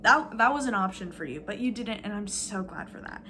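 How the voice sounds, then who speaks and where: A woman's voice: mid-range voice, expressive, brisk, sharp tone, a little hiss or hum. Woman in a rambling sarcastic rant. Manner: sarcastic, filler-heavy, swears casually. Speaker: vlogger.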